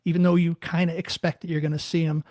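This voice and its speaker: A man hosting an interview, talking haltingly and searching for words, with many restarts. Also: a little high, level tone, darkish tone, no room sound, clean studio sound. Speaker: podcast host. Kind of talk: casual interview talk.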